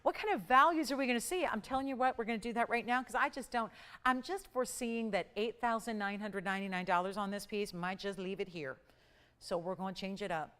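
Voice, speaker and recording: A woman hosting a live jewelry shopping show, pitching pieces and counting prices down in an upbeat sales patter. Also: brisk, fairly bright tone. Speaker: shopping channel host. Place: TV studio.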